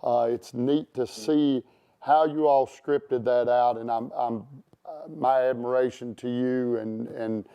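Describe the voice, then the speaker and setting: A man's voice: mid-range voice, fairly even intonation, slow pace, clean tone, lo-fi sound. A man hosting a casual interview chat, rambling with many fillers and restarts. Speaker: show host.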